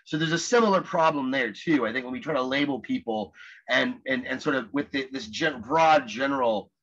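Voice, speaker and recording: Man, group discussion, halting speech with restarts, bright forceful tone, muffled lo-fi recording. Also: mid-range voice. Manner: halting, with many restarts and repeated words. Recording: dull lo-fi audio.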